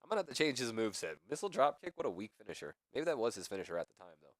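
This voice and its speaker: A man's voice: medium pitch, very animated, very fast, dry recording. A young man giving casual game commentary, thinking aloud and rambling with lots of "pretty much.". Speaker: let's play commentator.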